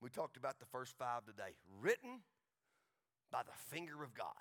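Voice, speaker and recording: A man with a Texas accent preaching a folksy sermon as pastor, building to excited crescendos and closing in prayer. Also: mid-range voice, normal speed.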